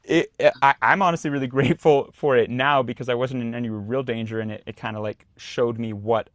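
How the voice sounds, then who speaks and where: A young adult man, a podcast guest telling a story in a loose, animated way. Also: mid-range voice, fairly quick, no echo. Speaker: guest, actor and singer. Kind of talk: casual storytelling in a podcast interview.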